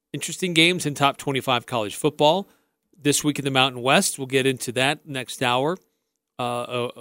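A man's voice: medium pitch, fairly bright tone, clear, resonant tone, dry recording. A man hosting a sports talk radio show in a studio, friendly and chatty, often restarting his sentences.

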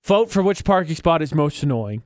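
A man's voice: a little high, moderate pace, dry recording, studio quality. A man co-hosting a radio show, chatting casually and often mocking people in exaggerated voices. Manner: animated, mocking voices for bad parkers.

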